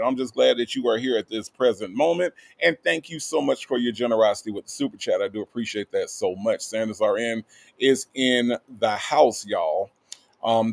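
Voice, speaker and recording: Male stream host, gravelly mid-range voice, laid-back, reads chat with drawn-out hellos. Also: medium pitch. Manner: drawling, repeats greetings, playful asides. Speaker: livestream host. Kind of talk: casual livestream chat reading viewer comments.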